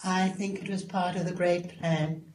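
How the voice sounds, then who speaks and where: Older South African woman, mellow voice. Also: lowish voice, fairly even intonation, normal speed, roomy sound, low-quality recording. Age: 70s. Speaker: guest. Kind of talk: casual interview chat.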